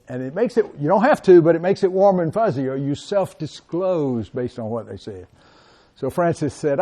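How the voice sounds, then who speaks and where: A middle-aged man giving a classroom lecture as a college lecturer, talking straight to his students and calling them guys. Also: mid-range voice. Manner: animated, addresses students directly as guys.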